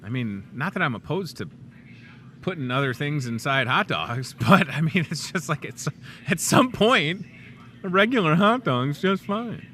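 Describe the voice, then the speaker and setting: A man's voice: fairly high pitch, lively intonation, measured pace, sharp tone, slight background noise. A middle-aged man with a Midwestern accent hosting a casual, jokey talk show from a grocery store aisle, upbeat and chatty. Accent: Midwestern American. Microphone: clip-on lapel mic.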